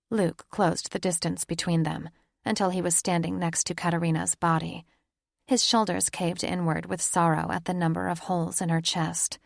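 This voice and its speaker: A woman narrating a paranormal romance audiobook with a measured, dramatic reading. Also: fairly low pitch, little pitch movement, vocal fry, no echo, clean studio sound. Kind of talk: scripted narration.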